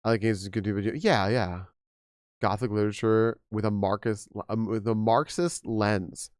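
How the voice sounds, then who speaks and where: A young man chatting casually on a game stream, rambling and animated with frequent restarts, slightly hoarse from losing his voice. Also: lowish voice, moderate pace, no echo, studio quality. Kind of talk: casual live-stream chat.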